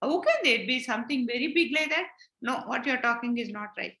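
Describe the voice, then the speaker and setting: A woman's voice: fairly high pitch, lively intonation, fairly quick, pushed and bright, pitched below the performer's own voice. A woman voicing a small skeptical frog living in a well, questioning in disbelief, in an echoey room. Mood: dismissive. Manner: incredulous, dismissive questioning. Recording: roomy echo.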